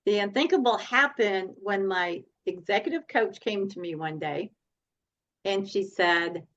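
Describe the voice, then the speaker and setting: Woman coach as podcast guest, animated storyteller; dull remote-call sound. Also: medium pitch, a little slow. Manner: animated, laughs often while telling stories.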